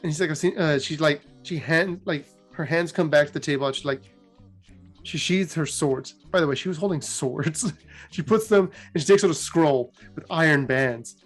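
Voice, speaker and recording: A co-host casually retelling game lore in an animated, chatty way. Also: medium pitch, moderate pace, soft background music. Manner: animated, chatty, laughs at own jokes.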